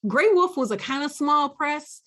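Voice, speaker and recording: A woman scholar speaking on a panel discussion over a video call, thoughtful, often pausing with fillers and restarting her sentences. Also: high voice, animated, a bit bright.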